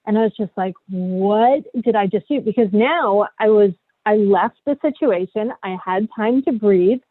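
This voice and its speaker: A woman's voice: medium pitch, unhurried, no echo, phone-quality sound. A middle-aged woman, a parenting coach, leading a workshop in a candid, coaching way, often checking in with "right?".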